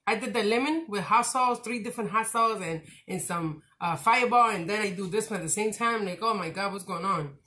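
A woman vlogger chatting casually to camera, rambling and excitable, with slangy, direct talk. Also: mid-range voice, a little fast, hardly any pauses. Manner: rambling, talkative, animated and excitable; slangy, direct, says "y'all" and "your girl".

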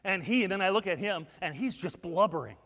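A man preaching a sermon as pastor, telling stories with acted-out quotes and swinging between hushed and loud. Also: high-pitched, expressive, a little fast, in a large hall. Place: church sanctuary.

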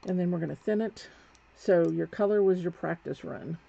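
In a dull lo-fi recording with faint noise behind her, a painting instructor demonstrates live. Her voice is fairly low, gravelly, and warm, at a moderate pace, and she chats while working, fixing her own words as she goes.

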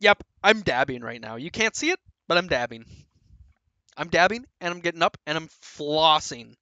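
A young man giving live commentary on his own speedrun, boastful and joking, with sudden loud outbursts. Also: fairly high pitch, expressive, moderate pace, dry recording, dull audio.

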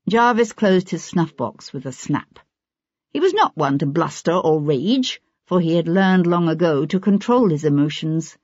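Audiobook narrator, measured storytelling, husky voice, dull lo-fi recording. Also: mid-range voice, animated, a little mellow, dry recording. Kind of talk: scripted narration.

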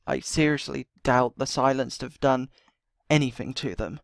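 A man's voice: mid-range voice, normal speed, gravelly, dry recording, studio quality. A man voicing his character in a game role-play, muttering to himself with sighs and then pleading urgently. He is out of breath. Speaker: roleplay series host playing his character.

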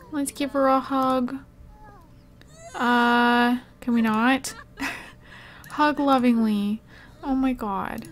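A woman's voice: on the high side, expressive, slow, long pauses. A young woman giving emotional let's play commentary, gasping and exclaiming as she talks to her viewers.

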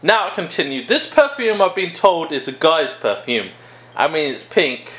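A man's voice: fairly high pitch, big pitch swings, moderate pace, fairly bright tone. A man hosting a casual product-review video, joking and rambling as he interrupts himself. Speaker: video host reviewing a perfume.

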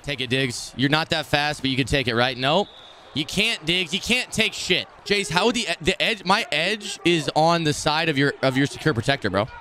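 A young man streaming a football video game, commenting live, swearing and swinging between muttered complaints and shouted reactions. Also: on the high side, normal speed, slight background noise. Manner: profane trash talk.

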